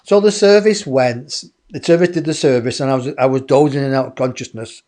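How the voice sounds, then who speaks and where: A man, a guest in an interview, telling a personal story in a lively way and acting out other people's voices. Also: mid-range voice, brisk. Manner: animated, acts out others' voices.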